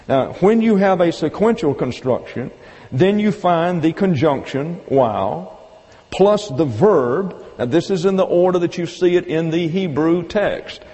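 A man's voice: a little high, mellow. Methodical male Bible teacher, reverberant hall. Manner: methodical, step-by-step explaining, slow emphatic quoting. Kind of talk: evening Bible lesson.

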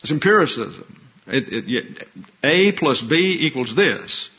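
Husky-voiced man preaching, lo-fi. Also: mid-range voice, big pitch swings, takes it slowly. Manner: wry, conversational teaching with asides. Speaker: pastor. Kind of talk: expository sermon. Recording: dull lo-fi recording.

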